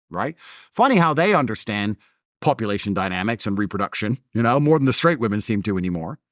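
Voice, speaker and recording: A man's voice: mid-range voice, no room sound, clean studio sound. A man in a casual conversation, telling stories in a blunt, combative way. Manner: animated storytelling, blunt and combative. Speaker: interview host.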